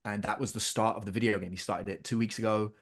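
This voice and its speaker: A middle-aged man, a podcast guest, telling a story in a casual, animated way, often restarting and repeating words. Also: on the low side, quick pace.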